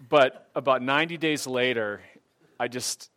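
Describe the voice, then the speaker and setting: A man's voice: mid-range voice, unhurried, fairly bright tone. A middle-aged man telling a personal faith testimony in a casual, earnest way, livening up when he quotes other people.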